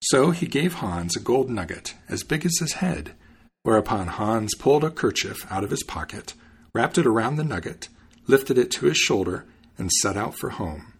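A man hosting a podcast, reading a fairy tale aloud in an expressive storytelling manner. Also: medium pitch, moderate pace, husky. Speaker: podcast host and reader.

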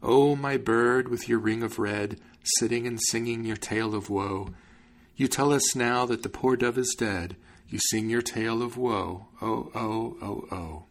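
A man voicing a young maiden in a storybook reading, reciting her sad song slowly. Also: mid-range voice, steady tone, lightly acted. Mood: mournful.

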